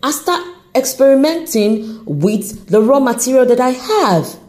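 A woman hosting her own podcast, giving an unscripted motivational talk straight to the listener, encouraging and animated, with an accent that shifts as she talks. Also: high-pitched, a little slow. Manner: accent shifts while talking. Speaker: podcast host.

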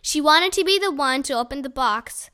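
A woman with a high, bright voice reads a children's chapter book aloud. Her telling is lively and expressive, shaping each sentence for young listeners. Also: normal speed. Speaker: audiobook reader.

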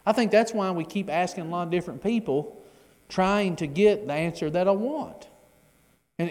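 A man's voice: sits high, darkish tone, in a large hall. A middle-aged man teaching a Bible class in a conversational way, often repeating his words as he explains the reading. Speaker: preacher.

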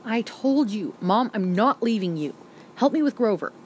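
A woman's voice: a little high, animated, normal speed, slight background noise, pitched above the performer's own voice, lightly acted. A woman doing a frightened, stubborn teenage boy. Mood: insistent. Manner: urgent, pleading outbursts.

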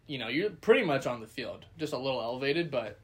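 A man co-hosting a podcast, telling a story in casual chat, animated and laughing often. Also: medium pitch, quick pace.

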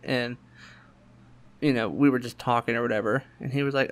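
A podcast host with a gravelly voice and moderate pace tells a family story in casual chat. He is animated, acting out the quotes in raised, higher voices and laughing often.

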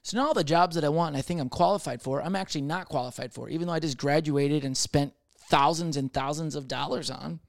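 A man's voice: a little high, fast, vocal fry, few pauses, no room sound, studio quality. A man in his twenties telling a rambling, profane comic monologue with lots of restarts. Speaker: comedian.

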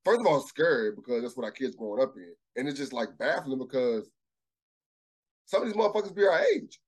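A man in casual podcast chat, thinking out loud in a reflective, halting way. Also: mid-range voice, lively intonation, breathy edge, rough recording. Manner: reflective, halting, restarts his thoughts.

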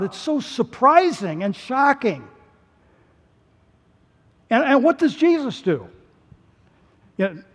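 A male pastor delivering a sermon in an animated way, his voice rising to emphatic peaks. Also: high-pitched. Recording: long hall reverb.

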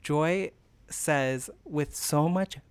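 Slow-talking man in casual chat. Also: a little high, clear, resonant tone, dry recording. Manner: storytelling, acts out quotes, laughs often. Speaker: podcast co-host. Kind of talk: casual chat recapping a TV show.

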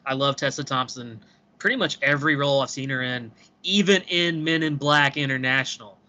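A man with a bright, crisp voice at mid pitch talks on a casual podcast. He weighs his opinions in a thoughtful, measured way. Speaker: podcast co-host.

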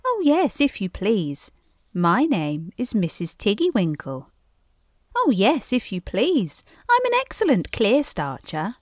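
A woman's voice: mid-range voice, huge pitch swings, slow, no room sound, full character voice. A woman voicing a small, anxious, polite hedgehog washerwoman in a storybook, with eager-to-please chatter. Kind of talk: storybook character voice.

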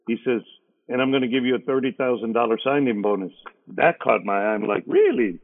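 Middle-aged radio DJ, phone-like sound. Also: male voice, mid-range voice, fast talker, creaky. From San Antonio, Texas. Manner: lively storyteller, acts out others' lines. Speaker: radio DJ, interview guest. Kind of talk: casual storytelling.

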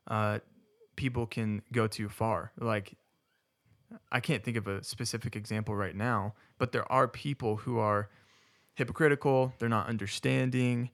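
A man's voice: on the low side, steady tone, moderate pace. A man co-hosting a casual discussion who rambles, corrects himself mid-sentence and laughs often.

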